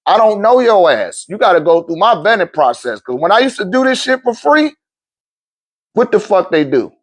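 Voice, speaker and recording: A man ranting to his livestream viewers as a spiritual teacher, blunt, profane and animated, laughing often between phrases. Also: normal speed. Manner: animated, swings between loud outbursts and low muttering. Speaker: spiritual teacher and seller of metaphysical goods.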